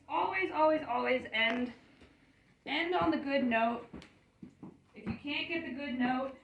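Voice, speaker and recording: A woman training a horse, explaining calmly and praising the animal as she works. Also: mid-range voice. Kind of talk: hands-on training demonstration. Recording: roomy, distant, faint ambient noise.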